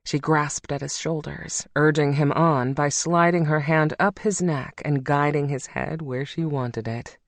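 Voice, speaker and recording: Brief: slow, hushed romance narrator, mid-pitched, dry close studio sound. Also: fairly even intonation, no echo. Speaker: audiobook narrator.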